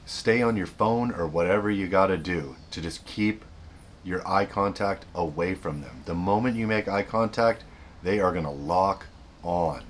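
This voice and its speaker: A man's voice: sits low, moderate pace, slight background noise. A man hosting a self-help video, giving earnest unscripted advice, often repeating and restarting his sentences.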